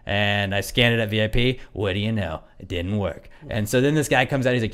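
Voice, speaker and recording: A man's voice: mid-range voice, clear, resonant tone. A young man co-hosting a podcast, telling a long story in rambling casual chat, full of "like" and swearing. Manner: fast, rambling, lots of "like", swears freely. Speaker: podcast co-host.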